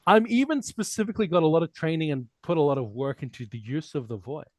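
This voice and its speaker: A man from Australia with an accent that blends Australian and American Midwest sounds, talking casually as a guest and telling animated stories with frequent restarts. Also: fairly high pitch, fast, dry recording, studio quality. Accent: Australian mixed with American Midwest. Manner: animated storytelling with repeated restarts. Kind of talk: casual conversation.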